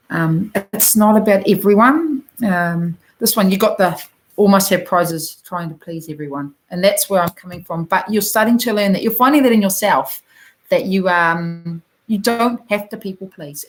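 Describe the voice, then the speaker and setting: A woman's voice: on the low side, poor audio. Encouraging New Zealand woman reading cards. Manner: gentle, encouraging, addresses the viewer directly with many fillers. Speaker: oracle card reader. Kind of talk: live card reading for viewers.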